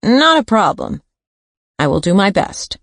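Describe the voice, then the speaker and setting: A woman reading an audiobook, voicing a guarded male pathologist with a high, nasal voice and a careful, formal way of talking. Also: sing-song, measured pace, fairly bright tone, dry recording, heavily acted. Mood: uneasy. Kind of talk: audiobook character voice.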